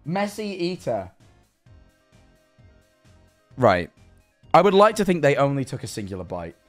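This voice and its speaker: Animated young Englishman on a livestream. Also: medium pitch, fairly quick, faint music behind. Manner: animated, swearing, bursts into incredulous shouting. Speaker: streamer. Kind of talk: casual livestream chat reacting to viewer messages.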